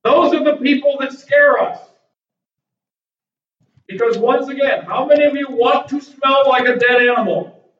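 A man with a high voice delivers an animated sermon and acts out people's reactions. He is recorded from a distance in an echoey church sanctuary, and the sound is dull. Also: unhurried, long pauses. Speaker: pastor.

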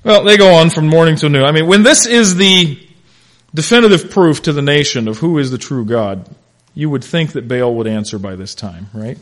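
A man with a slightly high voice teaches a Bible class at a normal pace. His style is conversational and animated, full of stories, and he addresses class members by name.

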